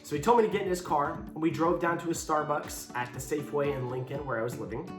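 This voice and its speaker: A man's voice: a little high, quick pace. Candid young man telling a story. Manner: candid, blunt, with swearing and quoted dialogue. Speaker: YouTuber telling his story. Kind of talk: casual storytelling vlog. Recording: echoey room with faint guitar music.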